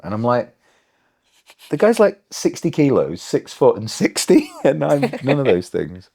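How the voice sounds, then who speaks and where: A man's voice: medium pitch, big pitch swings, normal speed, darkish tone, no echo, clean studio sound. A man hosting an interview, asking probing questions in a conversational, playful way. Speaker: interview host. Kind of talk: casual interview chat.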